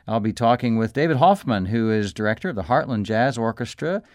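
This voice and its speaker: A man hosting a live local radio show, chatting easily with guests and reading announcements in a relaxed way. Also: medium pitch, no room sound, clean studio sound. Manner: relaxed, chatty, easy laughs. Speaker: radio host. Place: radio studio. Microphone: studio microphone.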